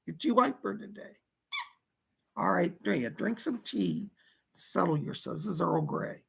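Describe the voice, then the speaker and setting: A man's voice: high voice, animated, moderate pace, creaky, pauses often, bright, forceful tone, slightly rough. A man hosting a casual psychic livestream, chatty and fussy, greeting viewers and scolding a pet companion.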